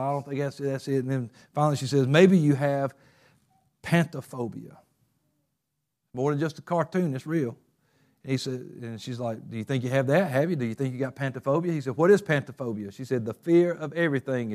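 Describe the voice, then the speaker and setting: A male pastor preaching a sermon, talking casually and then building up to fervent, shouted stretches. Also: mid-range voice, normal speed.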